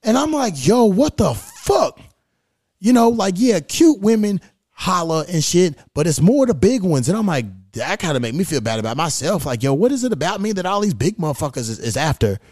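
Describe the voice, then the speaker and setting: A man's voice: sits high, sing-song, a little fast, darkish tone, no echo, clean studio sound. A man hosting a podcast, talking casually and venting in a blunt, profane, frustrated way into a stand microphone. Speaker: podcast host.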